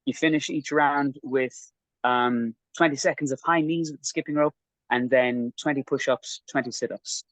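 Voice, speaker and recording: A man chats casually on a podcast, rambling with many fillers and making fun of himself as he describes his training. His voice sits at an ordinary pitch, and the sound is close and dry. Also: fairly even intonation, moderate pace, a bit bright, no echo, rough recording. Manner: rambling, self-mocking storyteller. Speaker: podcast guest recounting training. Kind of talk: casual chat.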